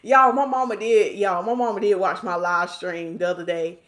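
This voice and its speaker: A woman's voice: fairly low pitch, steady tone, normal speed. A woman from North Carolina, hosting a live stream and reading viewer comments aloud in a chatty, playful way.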